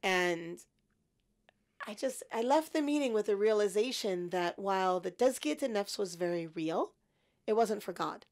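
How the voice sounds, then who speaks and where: A woman in her fifties, a podcast guest, telling her story in an animated, self-mocking way. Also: medium pitch, measured pace.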